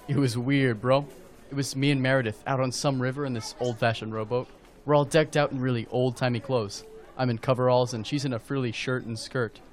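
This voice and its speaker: An actor playing a casual teenage boy who tells a story in an animated way. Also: mid-range voice, fairly quick, close to an everyday voice. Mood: storytelling. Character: teen boy Kurt, laid-back and easily spooked. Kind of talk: audio drama acting.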